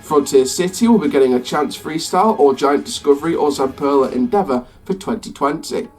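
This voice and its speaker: A man's voice: fairly high pitch, a little mellow, natural voice. Man putting on an American theme-park announcer. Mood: announcing. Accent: put-on American. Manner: measured, promotional announcing. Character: slow grand male theme-park announcer. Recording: slightly distant mic, faint music behind.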